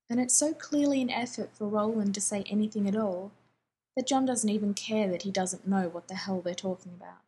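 Female story reader, calm and even delivery, strongly breathy tone. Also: medium pitch, brisk, rough recording. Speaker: audiobook reader. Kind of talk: reading fan fiction aloud.

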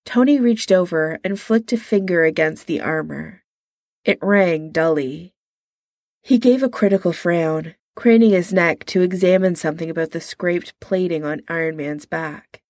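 A woman reading a story aloud in a calm, measured way. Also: fairly low pitch, no room sound, clean studio sound. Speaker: narrator.

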